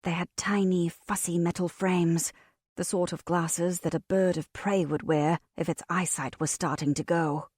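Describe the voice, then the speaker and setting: Woman reading a cozy fantasy audiobook, wry and expressive, lowish voice, dry close mic. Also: measured pace, breathy edge, no echo. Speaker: audiobook narrator. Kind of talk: first-person audiobook narration.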